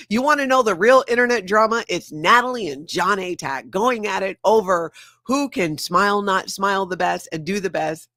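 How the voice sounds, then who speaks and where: A woman's voice: medium pitch, moderate pace, bright, forceful tone, no echo, clean studio sound. A woman hosting a casual livestream, bubbly and laughing often as she reads the chat aloud. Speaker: show host.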